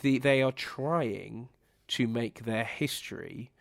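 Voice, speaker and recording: A man's voice: medium pitch, slow, creaky, no room sound, studio quality. A man co-hosting a film review podcast in casual chat, often restarting his sentences before building to exasperation. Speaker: podcast co-host.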